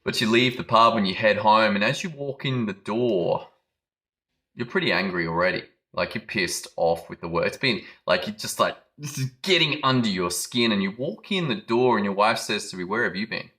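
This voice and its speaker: A man's voice: on the low side, lively intonation, moderate pace, bright, forceful tone. A man giving a motivational business talk, telling a dramatic story and acting out quoted lines. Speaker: business coach.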